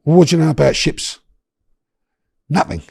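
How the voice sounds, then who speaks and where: A middle-aged man, telling a long personal story in a chatty, animated way as a podcast guest. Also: fairly high pitch, normal speed, gravelly, husky, dry recording, studio quality. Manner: animated, chatty, lots of restarts and slang.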